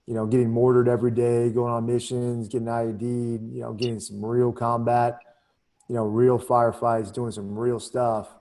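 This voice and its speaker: A man's voice: mid-range voice, flat delivery, moderate pace, dark tone. A middle-aged man, a former Army captain, telling a candid story in a casual interview, full of "you know" and "man.".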